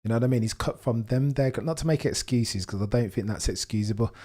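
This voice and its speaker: A young man hosting a live race watchalong, commentating casually and reacting with excitement. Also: medium pitch, quick pace. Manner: excitable, exclaims and gasps at on-track action.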